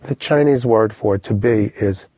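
Male language tutor for an audio course: low, slightly husky, animated explainer, dry studio. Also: unhurried, no room sound. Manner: lively, vivid storytelling with instructions. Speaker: language teacher.

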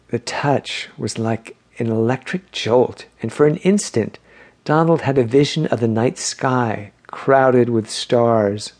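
A man reading an audiobook novel in measured, scripted narration. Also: mid-range voice. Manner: measured, even storytelling.

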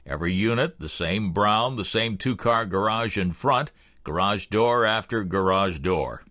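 A man narrating a thriller audiobook in the first person with expressive storytelling. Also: fairly low pitch, unhurried, no echo, clean studio sound.

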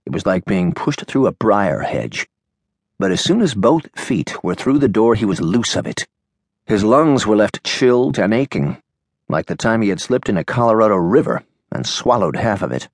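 A man narrating an audiobook in a measured, expressive way. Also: on the low side, dry recording, studio quality. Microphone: studio microphone.

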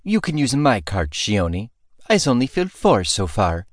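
A stout, motherly old cook barks teasing threats in folksy broken grammar, a man doing her voice. The voice sits higher than his own deep tone, recorded dry and close. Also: very animated, normal speed, no room sound. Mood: scolding, fond. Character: big motherly older woman cook, scolding yet fond.

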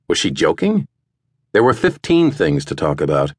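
A man narrating an audiobook in a measured, even way, recorded in a studio. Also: low-pitched, slightly rough, dry recording. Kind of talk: scripted narration.

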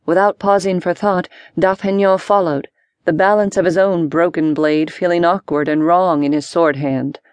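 Brief: female audiobook narrator, lower register, dry close sound. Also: fairly even intonation, moderate pace, a little mellow, smooth, dry recording. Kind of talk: scripted narration.

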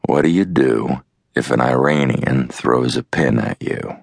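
A man reading as a hardened operative who stays calm and deadpan. The delivery is slow and extremely deep, with a gravelly edge. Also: no echo, clean studio sound, full character voice. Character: hardened male American operative, calm, dry-humored.

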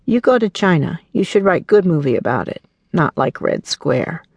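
A woman putting on a curt, suspicious male visa clerk with a foreign accent, firing off short, clipped questions. The voice is raised somewhat above her usual reading voice and carries a slight gravelly rasp. It is a dry, close audiobook recording. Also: on the high side, very animated, normal speed, dry recording, dull audio, heavily acted.

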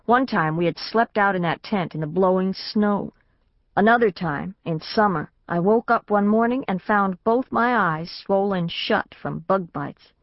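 Her mid-range voice is unhurried as she narrates a novel in the first person, keeping the storytelling plain but lifting her tone for the family's dialogue. She's an audiobook narrator, captured in a dry, somewhat dull studio recording.

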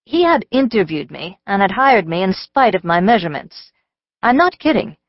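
A woman's voice: mid-range voice, sing-song, moderate pace, no room sound. A woman narrating an audiobook in the first person, with a wry, dry-humored delivery. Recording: slightly dull dry studio audio.

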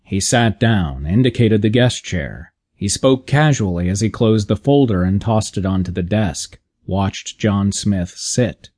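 A man narrating a humorous audiobook in a measured, deadpan reading. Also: lowish voice.

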